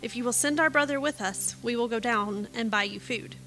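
A woman reading the lines of an earnest adult brother pledging to protect the youngest, in a measured way. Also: a little high, pushed and bright, faint music behind.

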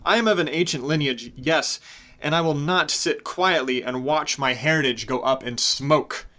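Guy voicing an angry old-blood elf elder, bright sharp tone, loud and demanding. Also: mid-range voice, steady tone, normal speed, lightly acted. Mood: furious.

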